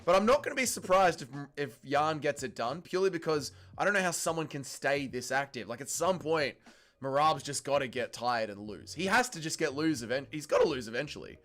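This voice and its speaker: A man with an Australian accent hosting a casual livestream, ranting in a profane, excitable way. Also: on the high side, fairly quick. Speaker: livestream host.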